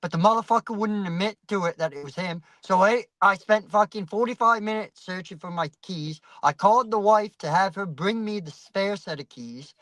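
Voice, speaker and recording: A man's voice: sits high, normal speed, hardly any pauses, fairly bright tone, dry recording, poor audio. A man telling a rambling, profanity-heavy story in casual chat, acting out the voices of people he quotes.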